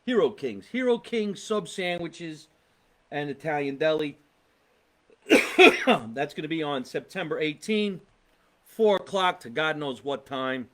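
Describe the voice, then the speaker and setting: A man's voice: a little high, lively intonation, measured pace. A male comedian with a thick New Jersey accent hosts a laid-back live podcast, reading viewer comments aloud. His voice sits slightly above the usual male range. He rambles from topic to topic with exasperated asides.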